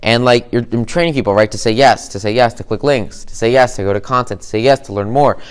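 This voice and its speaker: Man, business coach, casual talk, smooth clear voice, enthusiastic, repeats himself. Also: mid-range voice, quick pace. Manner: enthusiastic, repetitive, many fillers. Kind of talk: casual teaching talk to camera.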